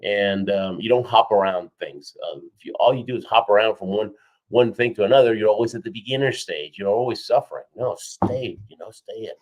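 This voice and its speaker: A man with a fairly low voice tells a story as a guest in an interview. He is energetic and lively, acting out quoted people and checking in with "right?" and "okay?". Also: a little fast, low-quality recording. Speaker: guest, four-time Olympian and keynote speaker. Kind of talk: animated storytelling in a podcast interview.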